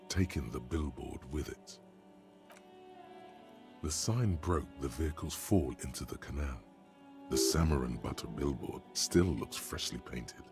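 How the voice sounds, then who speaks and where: An actor playing a game's narrator, delivering measured, descriptive scripted narration. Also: male voice, a bass voice, vocal fry, heavily acted. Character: grave, deep-voiced male game narrator. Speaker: game narrator.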